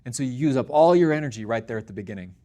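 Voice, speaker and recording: An earnest young man hosts his own show and talks straight to the camera. His voice sits at an ordinary middle pitch for a man, and he keeps an upbeat, encouraging tone as he talks to his viewers. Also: lively intonation, rapid-fire, mellow. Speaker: podcast host. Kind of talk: casual solo talk to camera.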